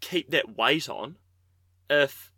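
A man's voice: medium pitch, slow, bright, forceful tone, dry recording. A man with a New Zealand accent co-hosting a podcast, cheeky and jokey with plenty of slang. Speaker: podcast co-host. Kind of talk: casual banter.

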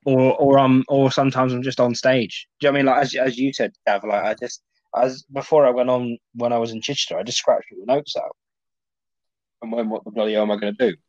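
A man in casual podcast chat, talking in loose rambling bursts full of fillers and swearing. His voice is mid-pitched and sounds dull and lo-fi. The room is dry and close. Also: little pitch movement, a little fast, no room sound. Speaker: stand-up comedian, guest. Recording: muffled dry lo-fi audio.

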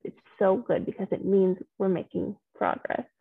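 A woman's voice: mid-range voice, fairly even intonation, normal speed, creaky, slightly rough, no room sound. A woman working as a transformational coach, talking a group through their feelings over a video call in an affirming, encouraging way and calling people pet names. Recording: phone-like video call audio.

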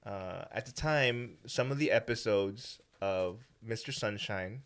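A man co-hosting a podcast, animated and loose, swearing casually while he chats. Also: fairly low pitch, unhurried. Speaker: podcast co-host.

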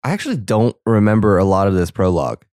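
A young man gives casual reaction commentary over a movie, full of sarcastic asides. His voice sits on the low side. The recording is dry and close, with no room sound. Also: animated, fast talker, darkish tone, no echo.

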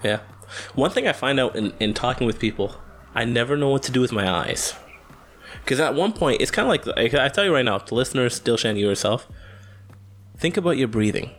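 A young man co-hosting a podcast in casual chat, animated and jokey, laughing often. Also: medium pitch, brisk. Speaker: podcast co-host.

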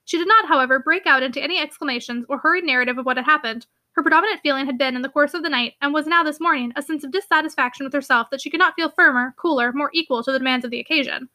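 A woman narrating a classic novel as an audiobook, fluent and steady in her storytelling. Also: sits high, rapid-fire, hardly any pauses.

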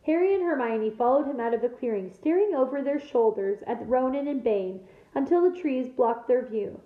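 A woman teacher reading a novel aloud to her class, in a steady storytelling manner with small slips. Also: sits high, moderate pace. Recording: echoey room, tinny phone-like sound.

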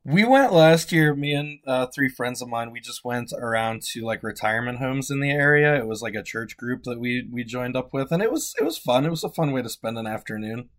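A man co-hosting a podcast, telling amused stories in a relaxed, casual way. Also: mid-range voice, a little fast, few pauses. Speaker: podcast co-host.

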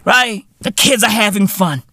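A man in his thirties hosting a podcast, ranting loudly in a profane comedic style and peppering his lines with "right?" and "bruv". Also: sits high, a little slow, no echo, studio quality. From South Africa. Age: 30s. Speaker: podcast host.

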